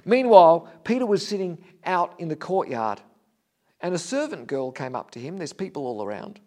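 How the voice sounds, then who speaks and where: A man preaching a sermon as a vivid story, his voice swinging between loud and hushed. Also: on the high side, sing-song, normal speed.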